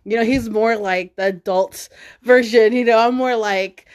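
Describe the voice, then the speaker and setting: A woman's voice: fairly high pitch, steady tone, normal speed. A woman in her forties, a mother hosting a casual family chat, who talks bluntly, swears freely and fills her speech with "like" and "you know". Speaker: podcast host, mother.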